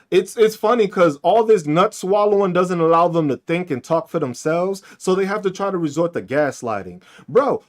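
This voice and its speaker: A man hosting a podcast, ranting and mocking with heavy profanity and frequent laughter, speaking with features. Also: high-pitched. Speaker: podcast host. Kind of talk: ranting commentary on comments.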